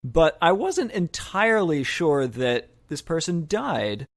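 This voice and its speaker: A man co-hosting a podcast, discussing a classic film in a casual, animated way and acting out his own reactions as he tells a story. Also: fairly high pitch, slow. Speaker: podcast co-host.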